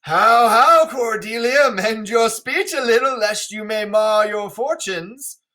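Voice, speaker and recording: A male teacher reading aloud the part of a proud, furious aging king in a classroom read-through, slow and declaiming. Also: high-pitched, animated, heavily acted. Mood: sharp. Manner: slow, declaiming, rising to shouts.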